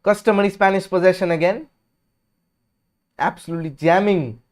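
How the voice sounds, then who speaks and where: A high-pitched man talks through a football match on his live stream. His casual commentary is chatty and opinionated, jumping from lively calls of the action to quiet, drowsy asides. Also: moderate pace. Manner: chatty and opinionated, drifting between lively calls and low mumbles. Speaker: host of a live watch-along stream.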